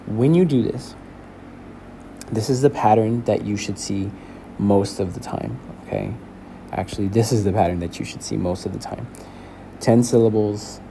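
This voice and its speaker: A male teacher walking a class through a lesson, explaining slowly and checking in with "okay?". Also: fairly low pitch, noisy background. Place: school building.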